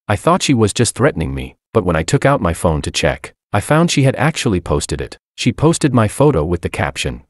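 Deep-voiced man narrating a story. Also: sing-song, moderate pace, few pauses, no echo, studio quality. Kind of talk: scripted first-person story narration.

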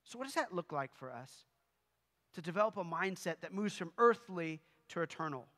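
Guy pastor, super high voice, easygoing sermon with jokes, big reverb in the church. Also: expressive, normal speed, fairly bright tone. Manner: conversational preaching with humorous asides. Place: church sanctuary.

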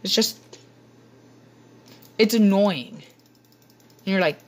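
Playful low-voiced woman gamer. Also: expressive, measured pace, pauses often. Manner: playful, rambling, jokey asides to viewers. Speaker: gaming channel host. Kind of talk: casual gameplay commentary.

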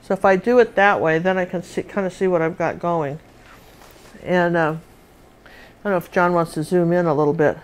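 A woman's voice: lowish voice, steady tone, brisk, clean tone. A woman teaching a live painting lesson, chatting and thinking aloud as she works.

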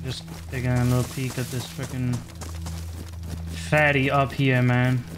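A man giving casual, excitable commentary while playing a survival game, swearing and cutting himself off mid-word. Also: medium pitch, unhurried. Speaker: gaming streamer.

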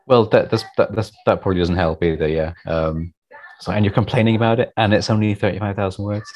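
A man's voice: fairly low pitch, steady tone, fast, darkish tone, poor audio. A man being interviewed about his writing, chatting casually and self-deprecatingly, with many restarts and repeated words.

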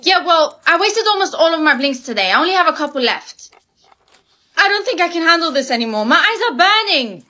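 A text-to-speech woman's voice playing a sassy teenage girl in skits, lively with dramatic reactions. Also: very high-pitched, brisk, heavily acted. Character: sassy teen girl, quick to protest. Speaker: teen girl lead in short skits.

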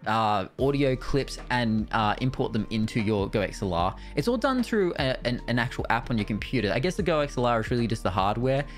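Excited Australian streamer guy. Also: medium pitch, a little fast, few pauses. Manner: excited, casual, swears freely. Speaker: Twitch streamer. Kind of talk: casual gear review vlog. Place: home streaming room. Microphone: studio dynamic mic.

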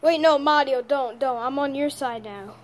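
A woman's voice: high-pitched, moderate pace, lightly acted. A woman voicing a timid young male plumber who pleads and stammers in a homemade toy play. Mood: pleading. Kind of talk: toy play narration with voices.

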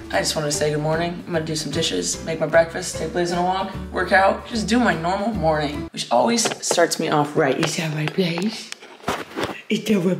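A woman's voice: sits low, roomy sound. A woman talking casually to camera at home, playful and rambling, poking fun at herself. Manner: playful, rambling, self-mocking. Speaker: vlogger. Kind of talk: casual daily vlog.

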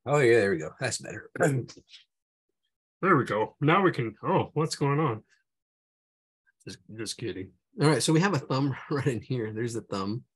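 A man teaching a live online drawing class, chatting casually and humming to himself as he sketches, his voice going and his throat clearing often. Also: mid-range voice, expressive, moderate pace, long pauses. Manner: casual, hums and talks to himself while sketching.

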